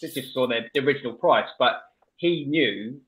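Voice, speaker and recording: A man hosting a radio show, telling a story in an animated, laughing way with plenty of restarts. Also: mid-range voice, normal speed. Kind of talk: casual radio banter. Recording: muffled lo-fi audio.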